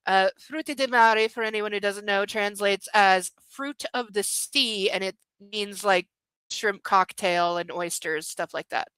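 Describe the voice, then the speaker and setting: A woman's voice: medium pitch, unhurried, fairly bright tone, clean tone, no echo, rough recording. A young woman hosting a book club, reading a novel aloud with sarcastic, mocking asides. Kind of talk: comedic book reading with commentary.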